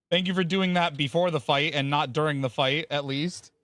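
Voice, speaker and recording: While streaming a game, a man with a fairly high, slightly bright voice rambles casually, explaining the gameplay and thanking viewers by name. He swears casually now and then, and there's no echo.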